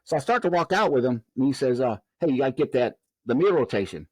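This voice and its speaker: Male podcast guest, middle-pitched, animated storyteller who acts out dialogue, dry close-mic sound. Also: quick pace, no echo. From Southern United States. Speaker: guest, former prison officer.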